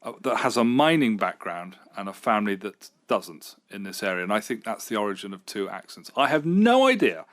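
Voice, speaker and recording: A man's voice: lowish voice, big pitch swings, brisk, few pauses, a bit bright. A middle-aged man, a radio station manager, answering interview questions in an enthusiastic, rambling way with fillers and restarts.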